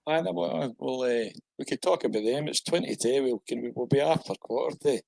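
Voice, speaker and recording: A man's voice: mid-range voice, fairly quick, vocal fry, a little mellow, no echo, rough recording. An older man with a Scottish accent, a podcast guest telling stories in casual chat with a chuckle. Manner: anecdotal, chuckling storyteller.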